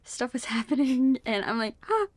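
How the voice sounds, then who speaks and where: Co-hosting a casual podcast, a woman in her twenties speaks at normal speed in a slightly high, sing-song voice with no echo. She tells chatty stories packed with "like" and laughs frequently.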